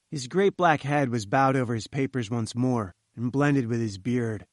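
A man narrating a classic tale as an audiobook, in a measured, expressive storytelling manner. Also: medium pitch, no room sound, studio quality.

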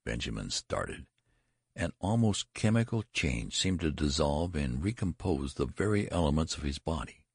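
Very deep gravelly male narrator. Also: lively intonation, moderate pace, a little mellow, dry recording, studio quality. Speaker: audiobook narrator. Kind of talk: storybook narration.

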